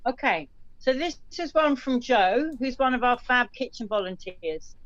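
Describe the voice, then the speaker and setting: A woman hosts a casual online get-together, reading out listeners' jokes one after another and stumbling over a word now and then. Her voice sits a little high. The sound is dry and somewhat muffled, like a lo-fi call recording. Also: animated, a little slow, fairly bright tone, dry recording. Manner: chatty, reads jokes aloud with small slips and restarts. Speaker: host telling listener jokes.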